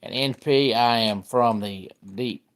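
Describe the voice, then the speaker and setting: A man's voice: medium pitch, slow. A middle-aged man from Georgia with a Southern accent, hosting a casual live-stream sports talk and greeting viewers by name. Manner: chatty, greets viewers by name while discussing football.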